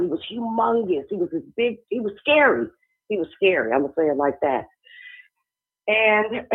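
A woman preaching a sermon in a conversational, storytelling way, often checking in with her listeners. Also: on the low side. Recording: tinny phone-line sound.

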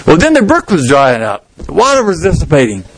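A man's voice: on the high side, huge pitch swings, brisk, slight background noise, poor audio. Folksy storytelling pastor, man's voice. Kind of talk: sermon. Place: church sanctuary.

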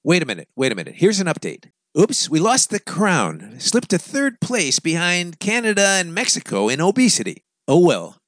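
A man's voice: fairly high pitch, huge pitch swings, normal speed, a bit bright, no echo, studio quality. A man hosting a radio show, delivering an opinionated, sarcastic monologue full of wisecracks.

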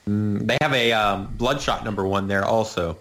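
A man co-hosting a casual chat, relaxed and anecdotal. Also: fairly low pitch, moderate pace.

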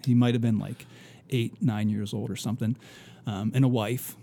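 A man co-hosting a casual faith podcast, telling a story earnestly with many restarts and soft, trailing asides. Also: mid-range voice, steady tone, moderate pace. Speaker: podcast co-host.

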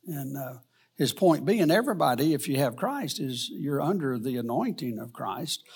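A man teaching a Bible study lesson in a rambling, halting way, with many fillers and restarts. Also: a little high, big pitch swings, slightly rough.

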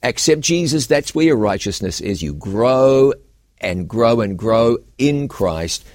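A man's voice: mid-range voice, animated, slow pace, a little mellow, dry recording, clean studio sound. A man, a pastor co-hosting a Bible question show, who explains scripture with an earnest preaching cadence. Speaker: pastor and co-host. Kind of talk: Bible Q&A discussion.

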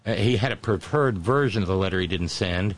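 A man's voice: sits low, brisk, poor audio. A man giving a casual political commentary monologue, mocking and sarcastic, often breaking off and restarting.

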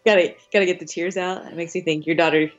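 A young woman hosts a podcast and chats eagerly, quick to react to her guest. Her voice sits a little low, and the sound is slightly dull. Faint music plays underneath. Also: steady tone. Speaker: podcast host. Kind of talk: casual chat.

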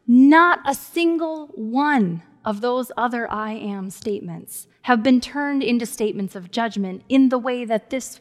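A woman pastor preaching a sermon in a conversational way, dropping to soft, hushed tones for emphasis. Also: on the high side, big-room sound.

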